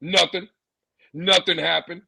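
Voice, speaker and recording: A man's voice: sits high, steady tone, unhurried, creaky, sharp tone, slightly rough, rough recording. A man ranting sarcastically as a sports podcast co-host, repeating lines for emphasis. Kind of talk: heated sports commentary.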